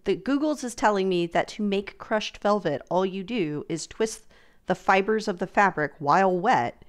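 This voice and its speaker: A woman's voice: mid-range voice, normal speed. A woman hosting a convention panel in casual chat, rambling with fillers and restarts. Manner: chatty, trailing off, many fillers and restarts. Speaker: panel host.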